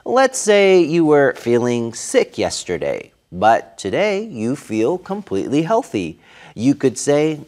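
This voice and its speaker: Slow, sing-song segment presenter. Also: mid-range voice, wildly swooping pitch, a little mellow. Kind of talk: scripted vocabulary segment.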